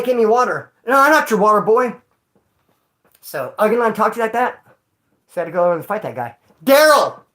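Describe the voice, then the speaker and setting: Male streamer, rambling storyteller, street slang and swearing, swings from loud to muttered. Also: sits high, low-quality recording. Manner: jumps between loud bursts and mutters. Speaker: livestreamer. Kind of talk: casual storytelling to a live chat.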